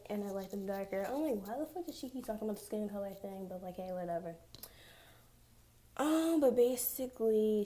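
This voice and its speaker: A young woman casually recapping a TV episode, chatty and profane, with sarcastic asides and quick acted-out quotes of the characters. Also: mid-range voice, mellow. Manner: acts out characters' lines in quoted voices. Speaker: TV recap vlogger.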